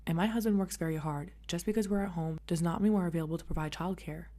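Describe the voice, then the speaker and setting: A woman reading a first-person story aloud in a brisk, even manner. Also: fairly low pitch. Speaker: story reader. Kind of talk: read-aloud story narration.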